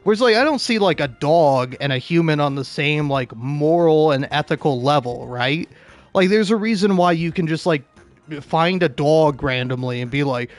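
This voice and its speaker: Profane rambling male gamer, higher voice. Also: lively intonation, moderate pace, no echo. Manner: rambling, profane, stammering restarts. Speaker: gaming video host. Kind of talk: casual ranting commentary over gameplay.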